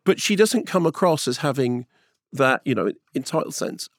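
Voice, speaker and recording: A middle-aged man from England in casual chat, telling stories in an animated, emphatic, loud way. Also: mid-range voice, normal speed, no room sound, studio quality. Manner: animated, emphatic storyteller who talks loudly.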